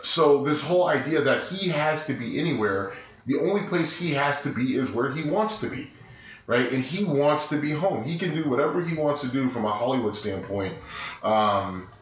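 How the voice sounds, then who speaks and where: A man co-hosting a podcast in casual chat, sick with his voice deeper than usual, talking emphatically in rambling restarts. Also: expressive, moderate pace. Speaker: podcast co-host. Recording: echoey room, dull lo-fi sound, faint noise.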